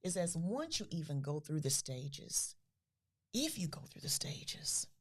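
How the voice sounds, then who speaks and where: A middle-aged woman who founded a grief foundation, speaking earnestly as a podcast guest, with soft, breathy trailing phrases. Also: low-pitched, very animated, measured pace. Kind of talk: podcast interview.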